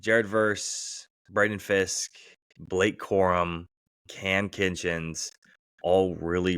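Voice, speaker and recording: A man co-hosting a podcast, talking casually about football picks in a relaxed way. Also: low voice, gravelly, no echo, clean studio sound. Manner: relaxed, acts out quoted voices with laughter. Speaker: podcast co-host. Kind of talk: casual sports chat.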